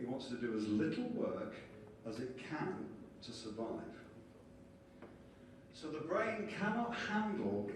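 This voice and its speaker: A conference speaker gives a lively lecture in a hall, acting out little scenes to explain his ideas. His voice is mid-range, picked up from a distance, so the hall sounds echoey with faint ambience and a slight hiss or hum.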